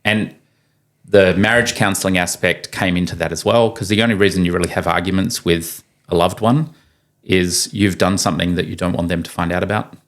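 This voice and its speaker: A man's voice: sits low, fairly quick. A man talking as a podcast guest, telling stories casually and acting out quoted voices with energy. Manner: animated, acts out quoted voices. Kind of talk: casual conversational storytelling. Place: podcast studio room.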